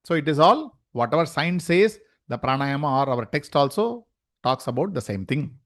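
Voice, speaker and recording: A man's voice: a little high, sing-song, moderate pace, a bit bright. Man teaching a yoga lecture. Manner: explains with rhetorical questions and repetition. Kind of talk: online lecture.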